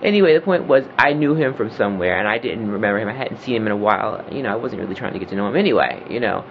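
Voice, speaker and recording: A man rants into a home vlog, his voice swinging widely up and down as he gets heated and swears freely. His pitch sits mid-range. The sound is dull and lo-fi, with a faint hiss behind him. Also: rapid-fire. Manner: animated, profane, gets loud and heated. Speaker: video blogger. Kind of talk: casual vlog rant.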